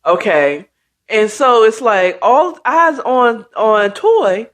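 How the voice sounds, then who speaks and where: A woman recapping a story in a loose, chatty way, full of slang and side comments. Her voice sits somewhat high, swings widely in pitch, and moves at an unhurried pace. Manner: chatty, slangy, animated retelling with asides. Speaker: host retelling a book.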